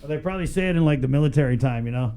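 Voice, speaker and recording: A man's voice: fairly high pitch, rapid-fire, dark tone. A man hosting a casual morning radio show, joking and chatting before taking calls.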